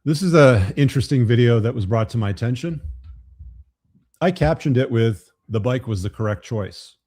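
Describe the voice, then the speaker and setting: A man's voice: mid-range voice, expressive, moderate pace, a little mellow. A man hosting a live commentary show, talking bluntly with frequent profanity. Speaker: host.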